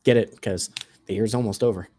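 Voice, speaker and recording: A man's voice: on the low side, steady tone, a little fast, warm tone. A young man co-hosting a podcast who talks bluntly and matter-of-factly in casual chat. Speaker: podcast co-host.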